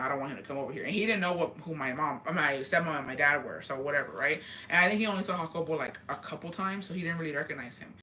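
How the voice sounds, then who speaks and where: A young woman vlogger telling a casual storytime gossip tale, animated and profane, acting out the dialogue she quotes. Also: fairly low pitch, a little hiss or hum.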